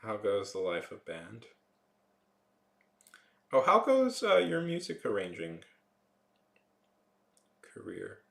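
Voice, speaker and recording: A man's voice: fairly low pitch, wildly swooping pitch, slow, creaky, pauses often, fairly bright tone, roomy sound. A man chatting casually with his live-stream viewers, rambling with lots of fillers.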